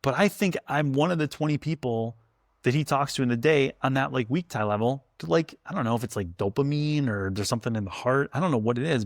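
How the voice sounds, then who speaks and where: A man's voice: mid-range voice, dry recording, clean studio sound. Chatty man telling jokey stories. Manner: chatty storyteller, jokey asides. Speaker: food historian guest. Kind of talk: casual podcast conversation.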